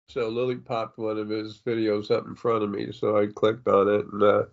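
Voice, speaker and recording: A man's voice: lowish voice, creaky, fairly bright tone, dull audio. An older man who sniffles, talking through a rambling spiritual monologue as a psychic medium, full of fillers and restarts. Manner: meandering, many fillers and restarts.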